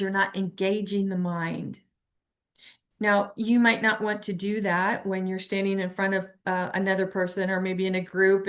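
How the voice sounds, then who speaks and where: A middle-aged woman giving an earnest, encouraging self-help talk as a teacher, now and then acting out short quoted remarks. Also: medium pitch. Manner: earnest and encouraging, acts out little quoted lines. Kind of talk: motivational talk.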